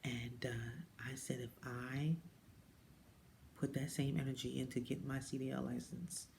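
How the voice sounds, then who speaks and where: A woman talking casually to camera, telling her own story and jumping up high when she quotes people. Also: a little slow, vocal fry, slight background noise. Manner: animated storyteller who mimics people with high-pitched quotes and drops into whispers. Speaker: direct-sales jewelry consultant. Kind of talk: casual personal vlog monologue.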